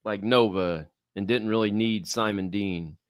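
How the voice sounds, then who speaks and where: A man's voice: lowish voice, measured pace, clean tone, dry recording, clean studio sound. A man co-hosting a casual chat, reading viewer questions and thinking aloud hesitantly with many fillers. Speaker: co-host.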